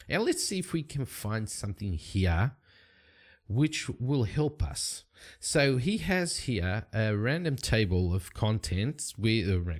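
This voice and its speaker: A man narrating and playing a solo tabletop game at a desk mic, rambling and relaxed with plenty of fillers. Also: lowish voice. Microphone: desk microphone.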